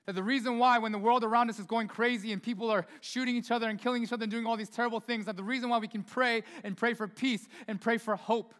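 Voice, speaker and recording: High-voiced casual preacher in a reverberant church. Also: male voice, fairly even intonation, quick pace, few pauses, a bit bright. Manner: casual, chatty preaching with many asides. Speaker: pastor. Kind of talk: sermon. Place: church sanctuary. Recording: long hall reverb in a church.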